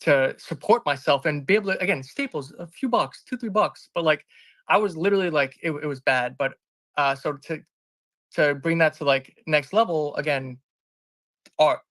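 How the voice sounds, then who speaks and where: This man's voice is fairly high, bright and forceful, recorded close and dry. As an interview guest and business founder, he tells a candid personal story at a moderate pace, earnest and rambling, frequently backtracking to restart and fix what he said.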